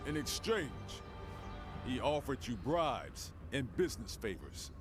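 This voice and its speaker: A righteous young hero. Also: male voice, mid-range voice, very animated, unhurried. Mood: indignant. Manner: earnest, indignant and commanding. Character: young righteous man defending starving villagers. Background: game music.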